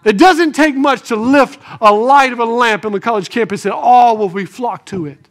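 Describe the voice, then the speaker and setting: A man giving an animated sermon, moving between soft asides and raised emphasis and asking the congregation rhetorical questions. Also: extremely high pitch, moderate pace. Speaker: pastor.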